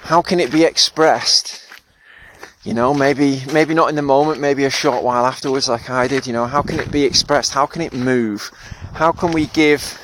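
A man talks through his feelings in a loose, reflective monologue, stopping to rephrase and often laughing at himself. His voice sits at an ordinary middle pitch. A faint hiss of noise hangs behind him. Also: fairly even intonation, moderate pace, a bit bright. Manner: thoughtful and self-deprecating, with frequent laughs and fillers. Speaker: podcast host and therapist. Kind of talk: reflective solo podcast monologue.

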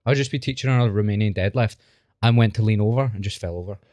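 A man's voice: lowish voice, fast talker, a little mellow, no room sound. A man hosting a podcast, chatting casually and telling blunt, self-mocking stories. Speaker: podcast host. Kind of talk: casual chat.

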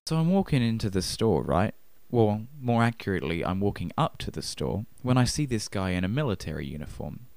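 A man's voice: lowish voice, very animated, brisk, vocal fry, hardly any pauses, noisy background. A man telling a comedic anecdote, acting out both sides of a conversation with mounting exasperation. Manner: builds exasperation, voices both sides of the exchange. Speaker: storyteller.

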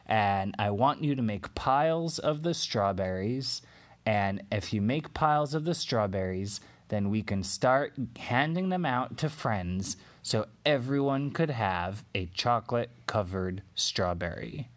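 An eager little girl inventor from a bedtime story, voiced lightly by a man, excited and earnest. The words come at an unhurried pace. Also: on the low side.

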